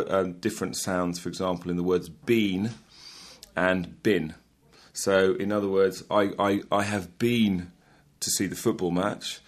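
A man who is an English teacher, explaining thoughtfully in an interview clip. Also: low voice. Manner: thoughtful, with restarts.

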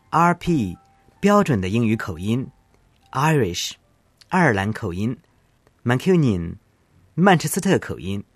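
A man with a medium-pitched voice co-presents a language programme, recorded with no echo. In scripted educational style, he asks curious questions and sums things up for learners.

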